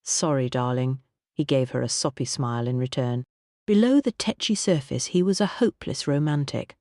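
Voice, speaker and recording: A measured audiobook narrator reading a classic country-house mystery in an even storytelling voice. The pitch is middling and the recording is dry and close, with no room around it. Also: dry recording. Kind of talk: scripted narration of a mystery novel.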